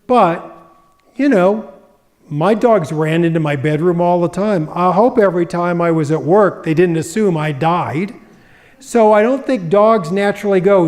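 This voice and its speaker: A man's voice: high-pitched, darkish tone. A middle-aged man giving a public talk as a grief expert, telling stories and acting out the voices of the people in them. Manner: storytelling, acts out quoted voices. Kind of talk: public presentation.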